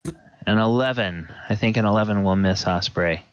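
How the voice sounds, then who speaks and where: Low-voiced man running a tabletop game slowly, on a dull lo-fi recording. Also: no echo. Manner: unhurried, hesitant, many fillers. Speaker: dungeon master. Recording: dull lo-fi audio.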